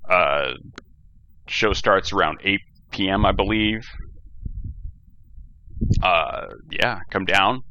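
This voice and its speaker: A man's voice: low-pitched, slow, pauses often, bright, forceful tone, a little hiss or hum. A young man hosting a solo podcast, ranting in a profane, rambling, jokey way, recorded on a cheap gaming headset. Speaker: podcast host. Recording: dull lo-fi headset audio.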